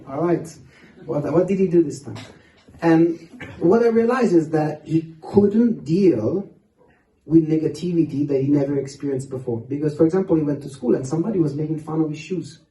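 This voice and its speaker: A man's voice: on the high side, mellow, slight background noise. A man telling humorous stories at a youth seminar, often laughing as he speaks. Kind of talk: humorous storytelling talk. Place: large hall. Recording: roomy hall, distant mic.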